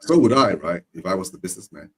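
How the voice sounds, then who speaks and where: A man's voice: low voice, lively intonation, fast talker, fairly bright tone. A man in casual football chat who tags his sentences with "right?" and laughs often.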